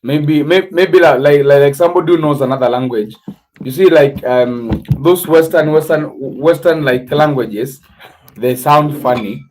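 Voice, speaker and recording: A man with an East African accent hosting a casual livestream, teaching words slowly and spelling them out letter by letter. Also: fairly high pitch, a little mellow, a little hiss or hum, poor audio. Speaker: livestream host.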